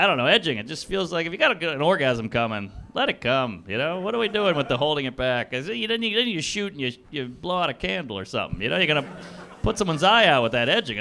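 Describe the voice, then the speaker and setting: Performing for a live comedy club audience, a man improvises stand-up from their suggestions, fast and crude, laughing at his own jokes. His voice is on the high side, pushed and bright.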